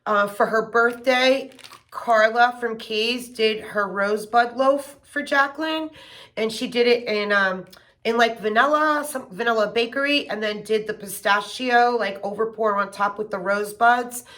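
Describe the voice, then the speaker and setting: A middle-aged woman chatting casually and gushing with excitement as she unboxes gifts for her vlog. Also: fairly high pitch, measured pace. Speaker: home fragrance vlogger.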